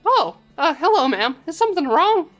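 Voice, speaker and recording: A woman's voice: sing-song, moderate pace, a bit bright, faint music behind, exaggerated voice. A woman voicing a polite, eager ten-year-old boy who calls himself a great detective. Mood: earnest. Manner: high, earnest and polite.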